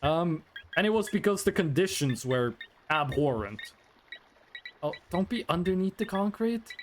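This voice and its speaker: Male streamer, high animated voice, rambling chat banter, faint background hiss. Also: a little slow. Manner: rambling, reads chat aloud, frequent ums. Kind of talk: casual live-stream chat.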